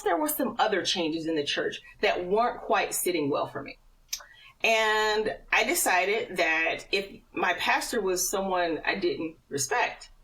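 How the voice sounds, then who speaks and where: A middle-aged woman telling a personal faith story as a podcast guest, animated and often laughing. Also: medium pitch, far from the mic, poor audio. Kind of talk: personal testimony in casual conversation.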